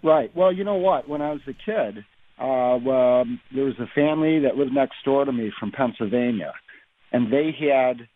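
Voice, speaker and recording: A man calling in to a radio show, speaking in a hesitant, halting way. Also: medium pitch. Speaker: caller. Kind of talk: casual phone-in chat. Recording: tinny phone line.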